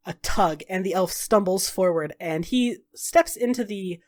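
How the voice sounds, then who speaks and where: A woman's voice: mid-range voice, measured pace. Woman game master, chatty storyteller in a tabletop game. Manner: storytelling with many fillers.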